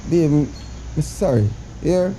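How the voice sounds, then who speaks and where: A man's voice: fairly high pitch, lively intonation, dark tone, slight background noise. A man playing a pleading Jamaican boyfriend. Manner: pleading, drawn-out, dramatic. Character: pleading remorseful boyfriend begging to come home. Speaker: actor in comedy sketch. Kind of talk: comedy sketch acting, phone call.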